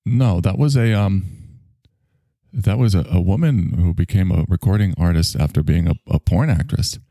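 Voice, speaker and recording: A man hosting a podcast, answering in dry, low-key, agreeable banter. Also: moderate pace, dark tone, dry recording. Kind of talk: casual comedic banter.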